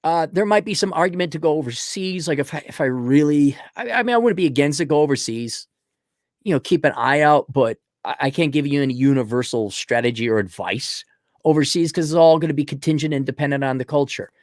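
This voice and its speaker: A man's voice: fairly high pitch, fairly quick, no echo, studio quality. A middle-aged man hosting his own show, rambling through a casual monologue and acting out little scenes in other voices. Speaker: podcast host.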